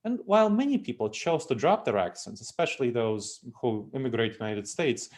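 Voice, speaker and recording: A middle-aged man with a Russian accent presents a business training talk at an average pitch. He explains with emphatic repetition, returning to his key phrases again and again. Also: big pitch swings, fairly quick. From Moldova. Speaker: speaker, trainer.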